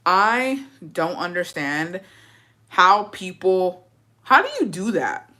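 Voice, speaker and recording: A woman's voice: fairly low pitch, lively intonation, slow, sharp tone. Ranting, profane young woman host. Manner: profane, ranting, lots of rhetorical questions. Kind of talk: casual gossip chat.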